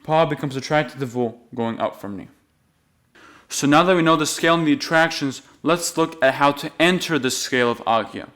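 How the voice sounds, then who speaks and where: A man's voice: fairly high pitch, fairly bright tone. Man patiently teaching a music lesson. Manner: patient, explains rules then sings the notes slowly. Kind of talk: step-by-step music lesson with sung note names.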